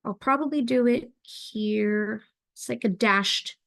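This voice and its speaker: A young adult woman teaching an online craft class, talking in a relaxed, chatty way with lots of fillers as she demonstrates. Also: a little high, slow pace, creaky. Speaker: craft instructor.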